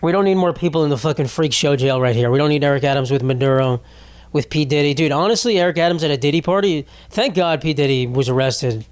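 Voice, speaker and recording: A man's voice: fairly high pitch, fast talker, no room sound. A young man hosting a solo podcast, ranting and rambling with sarcastic, profane jokes and frequent laughs. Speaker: podcast host. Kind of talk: casual solo podcast rant.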